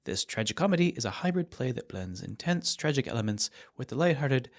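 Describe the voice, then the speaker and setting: A man's voice: medium pitch, sing-song, brisk. A man co-hosting a library podcast, reading event announcements with playful, dry humor in casual chat.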